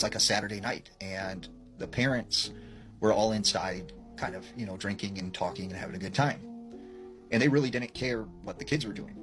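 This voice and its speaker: A man with a fairly low voice narrating a secondhand scary story. He talks loosely and casually, with light music playing behind him. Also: a bit bright. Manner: casual, conversational retelling with fillers.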